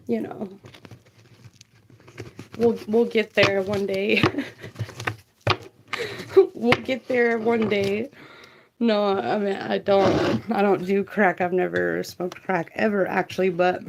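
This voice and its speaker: Over some background noise, a woman with a medium-pitched voice hosts a casual tarot livestream. She's chatty and laughs as she reads viewer comments aloud.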